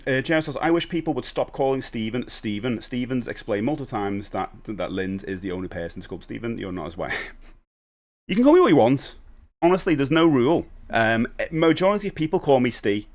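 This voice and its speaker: A man chatting casually on a live stream, rambling and reading viewer comments aloud. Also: medium pitch.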